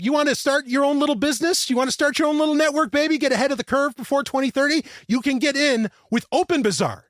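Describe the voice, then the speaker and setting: Excitable, animated male podcast host. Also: extremely high pitch, dry recording, studio quality. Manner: excitable, loud, swearing, laughing. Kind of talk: tech podcast monologue and sponsor read.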